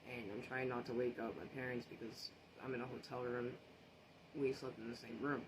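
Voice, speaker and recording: Man, casual social media storyteller, earnest and rattled, mid pitch, steady background noise under the voice. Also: brisk. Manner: earnest, shaken retelling with restarts and repeated phrases.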